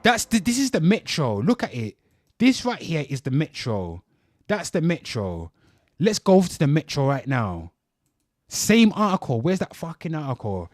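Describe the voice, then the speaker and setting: A man's voice: fairly high pitch, wildly swooping pitch, normal speed, no echo. A man hosting a livestream, ranting angrily about news stories, swearing heavily and calling out to his viewers. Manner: profane, heated, keeps addressing viewers. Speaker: livestream host. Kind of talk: angry news rant.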